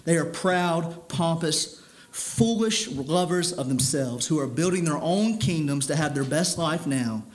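A man's voice: on the high side, expressive, a little slow. A man preaching a sermon in an earnest, stern way, often repeating words as he builds his point.

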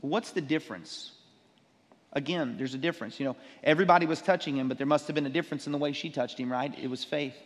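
Animated male preacher in a reverberant hall. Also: fairly high pitch, fast talker. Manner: animated preaching, acts out disciples' sarcasm. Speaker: pastor. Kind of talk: sermon.

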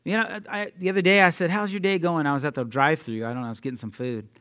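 A young adult man preaching a sermon in an energetic, conversational way, laughing often and talking straight to his listeners. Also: medium pitch, racing. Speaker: preacher at a youth ministry.

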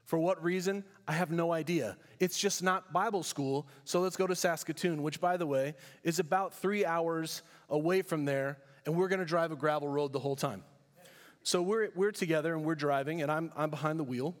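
High-voiced man preaching in an echoing hall. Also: moderate pace. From California. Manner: emphatic, rhetorical questions, storytelling asides. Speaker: pastor. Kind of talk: sermon.

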